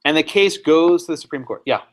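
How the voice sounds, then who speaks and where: A man, a law professor, giving a classroom lecture, animated and sometimes sarcastic, putting questions to students. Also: a little high, brisk.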